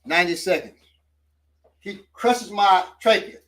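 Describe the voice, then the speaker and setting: Guy coaching choke escapes, loose casual talk, pretty high voice. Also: unhurried, recorded from a distance. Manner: animated, coaching while demonstrating moves. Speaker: self-defense instructor.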